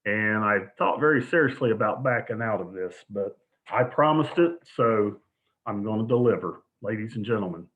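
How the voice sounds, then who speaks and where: A man's voice: fairly low pitch, animated, normal speed, slight background noise. A man hosting a casual online show, chatty and hesitant, with lots of ums and uhs. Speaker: show host. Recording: phone-like lo-fi audio.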